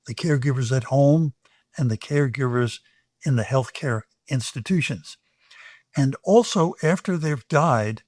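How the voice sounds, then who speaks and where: An older man from the United States, an infectious disease expert answering interview questions in a measured, explanatory way with emphatic pauses and soft asides. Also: on the high side, dry recording, clean studio sound.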